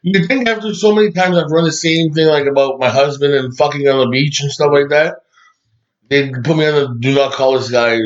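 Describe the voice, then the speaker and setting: A man's voice: fairly high pitch, steady tone, a little fast. A man co-hosting a casual podcast, joking about scam calls and swearing freely. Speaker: podcast co-host. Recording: dull lo-fi sound.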